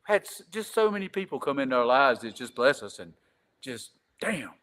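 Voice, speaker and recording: A man's voice: mid-range voice, big pitch swings, moderate pace, fairly bright tone. A man telling a long casual story as a podcast guest, rambling and repeating "I said," swearing casually. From Greenville.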